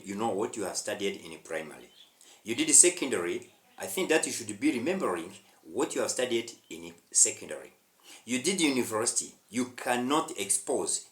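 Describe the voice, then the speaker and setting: Rwandan male English teacher, preachy and emphatic, very animated pitch, roomy echo. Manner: preachy, repetitive, with emphatic swells. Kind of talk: direct-to-camera English lesson.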